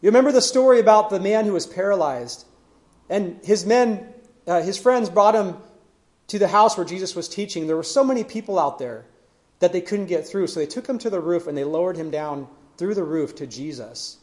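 A man preaching a sermon, retelling scripture stories earnestly and letting his voice fall to a hush at the ends of phrases. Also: high-pitched, lively intonation, fairly quick.

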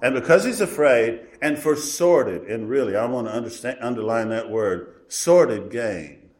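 A man preaching a sermon in a folksy, emphatic way, swinging from loud declarations to hushed asides. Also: mid-range voice, lively intonation, moderate pace. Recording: roomy echo.

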